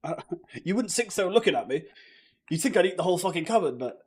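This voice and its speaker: Husky swearing British streamer man. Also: high-pitched, lively intonation, fast, a little mellow. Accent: British English. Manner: swears a lot, loose and joking, talks to chat. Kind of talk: casual live-stream chat.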